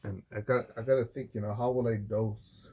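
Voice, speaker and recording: A man's voice: fairly low pitch, flat delivery, fairly quick, a little mellow, slightly rough. A man ranting to camera in a blunt, sarcastic and heavily profane way. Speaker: art video creator.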